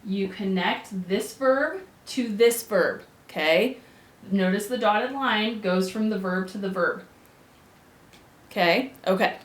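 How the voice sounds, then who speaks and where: A woman teaching a grammar lesson with upbeat, animated energy and quick bursts of excitement. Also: medium pitch. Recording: echoey room.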